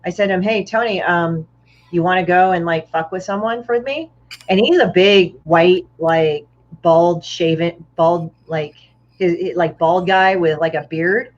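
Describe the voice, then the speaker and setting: On a casual podcast, a female guest comic artist with a low-pitched voice speaks unhurriedly, telling stories bluntly and with plenty of foul language. She acts out other people's lines, and the recording is dull, muffled, and lo-fi.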